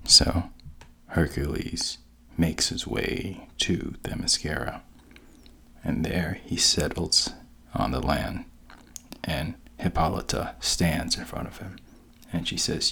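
A man casually retelling a story in an unhurried, halting way. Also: extremely low pitch, fairly even intonation, creaky, pushed and bright, breathy edge.

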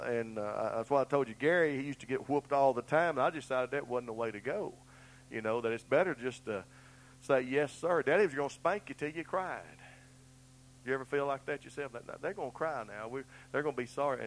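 A man's voice: mid-range voice, low-quality recording. A middle-aged man, preaching a sermon in a folksy, earnest way and telling down-home stories. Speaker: pastor.

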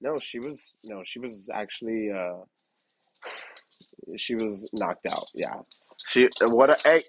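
A man's voice: on the low side, expressive, slow, pauses often, a little hiss or hum, low-quality recording. Rambling young man telling a story. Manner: rambling, swears a lot, lots of fillers and restarts. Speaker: podcast host. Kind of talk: casual storytelling.

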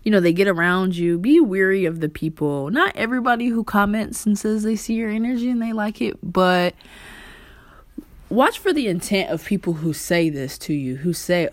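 A woman's voice: medium pitch, animated, moderate pace, no room sound. A woman talking casually to the camera about spiritual energy, loose and conversational, swearing now and then. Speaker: vlogger.

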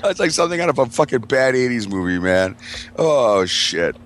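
A man's voice: medium pitch, very animated, moderate pace, fairly bright tone, a little hiss or hum. A man telling a rambling, profane story in casual chat as a podcast host, laughing as he goes.

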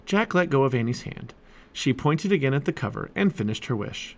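A man's voice: medium pitch, brisk. A man narrating a children's chapter book aloud for his family. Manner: animated storytelling. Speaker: storybook reader.

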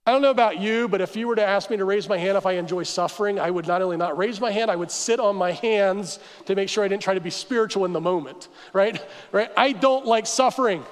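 A man preaching a sermon as pastor, telling the story with animated asides and acting out the crowd's complaints. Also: high voice, fast talker. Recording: church hall reverb.

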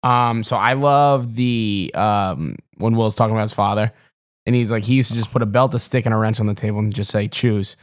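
A man's voice: on the low side, a little fast, no room sound, clean studio sound. A man co-hosting a podcast, retelling favorite movie scenes in casual chat. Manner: animated storyteller, retells scenes. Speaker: podcast co-host.

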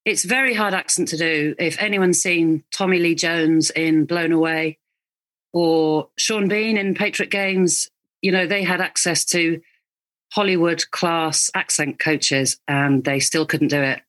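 A woman, a voice coach, explaining accents in a clear, instructive way. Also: sits low, a little slow, a bit bright.

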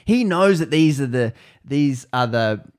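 A man's voice: mid-range voice, measured pace, smooth. Casual man telling a story. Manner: animated, many fillers, acts out quotes.

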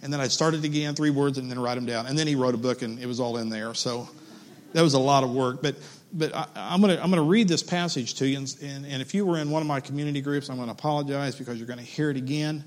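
A man in his fifties preaching a sermon in church, earnest and personal, reading long passages slowly. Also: mid-range voice, fairly even intonation. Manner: earnest, reads a long list slowly and warmly. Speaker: pastor.

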